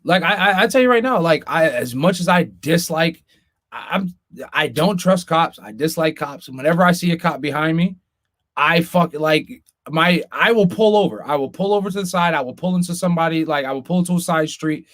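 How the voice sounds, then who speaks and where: A man's voice: fairly high pitch, animated, fairly quick, fairly bright tone. A man co-hosting a casual podcast, talking earnestly and with concern, often stumbling and restarting his sentences. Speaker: podcast co-host.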